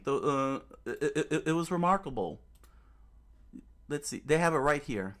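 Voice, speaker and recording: The speaker is a man hosting a gaming channel, his fairly high, slightly bright voice expressive and at normal speed. Chatting casually as he browses clips, he's emphatic and repetitive, with many fillers and sentences he keeps starting over.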